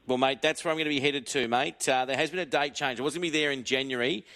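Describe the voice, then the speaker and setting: Aussie bloke hosting racing radio, bright voice, chatty, keeps saying mate. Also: male voice, mid-range voice, quick pace. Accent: Australian. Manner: matey and chatty, says "mate" often. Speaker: radio racing show host. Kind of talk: casual radio interview.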